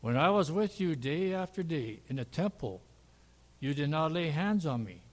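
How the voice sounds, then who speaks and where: A man reading scripture aloud in a measured, deliberate way. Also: a little high, big pitch swings. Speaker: scripture reader. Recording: long reverb of a large hall.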